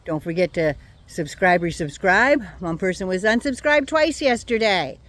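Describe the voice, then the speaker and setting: A woman's voice: mid-range voice, animated, normal speed, a bit bright. An older woman ranting on her vlog, blunt, indignant and sarcastic. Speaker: vlogger.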